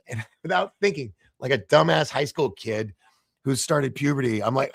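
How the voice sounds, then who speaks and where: A middle-aged man, a podcast guest, telling animated anecdotes and acting out the dialogue in shifting voices. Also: a little high, moderate pace, creaky, husky, no room sound, studio quality. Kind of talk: casual storytelling in a podcast interview.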